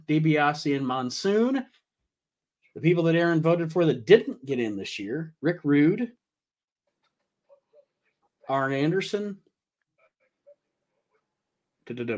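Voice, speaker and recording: Laughing, swearing podcast host man. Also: a little high. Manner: laughs often, swears casually. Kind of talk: casual podcast chat.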